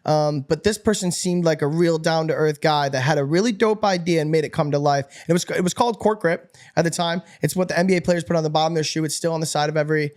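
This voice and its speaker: A young man from upstate New York telling stories as a guest in a casual interview, energetic and animated, laughing and swearing freely. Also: a little high, fast, hardly any pauses. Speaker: podcast guest.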